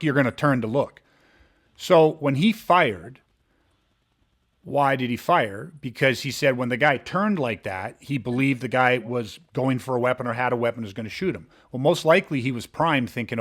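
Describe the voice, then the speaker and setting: A man's voice: mid-range voice, a little fast, a bit bright. Podcast co-host, man, questions the listener with hypotheticals to make a point. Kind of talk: casual discussion.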